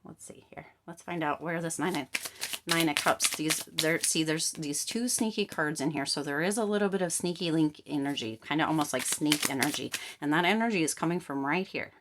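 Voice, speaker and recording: A woman with a notably low voice talks through a tarot reading in a loose, chatty way. She keeps checking in with the listener and swoops up into lively reactions. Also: a little fast, background noise. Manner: chatty, checks in often with "right?" and "okay?". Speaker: tarot card reader. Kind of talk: casual tarot reading to camera.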